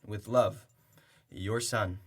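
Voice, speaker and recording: A man's voice: fairly low pitch, steady tone, drawn-out words, breathy edge. A young man performing rhyming spoken-word poetry with a sarcastic, heated edge and bursts of laughter.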